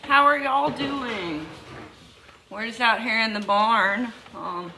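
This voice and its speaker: A tired Southern woman, short on sleep, livestreams from her goat barn, greeting viewers by name as she works and chatting casually. Her voice sits on the high side and sounds slow, pushed, and bright. The low-quality recording carries slight background noise.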